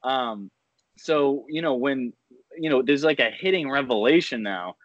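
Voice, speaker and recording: A man's voice: mid-range voice, animated, a little slow, no echo, muffled recording. A man hosting a podcast, asking eager questions and thinking aloud in casual chat. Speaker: podcast host.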